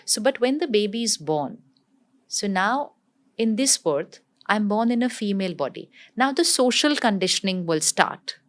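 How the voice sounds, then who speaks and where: A woman, explaining spiritual ideas in an interview in a calm, teacherly way, often repeating herself for emphasis. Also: medium pitch, moderate pace.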